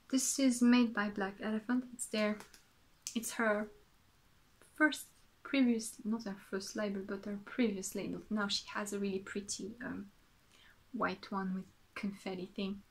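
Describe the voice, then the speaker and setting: A woman's voice: medium pitch, vocal fry. A woman from France with a French accent, chatting casually as a podcast host, rambling and correcting herself as she goes. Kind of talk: casual show-and-tell chat.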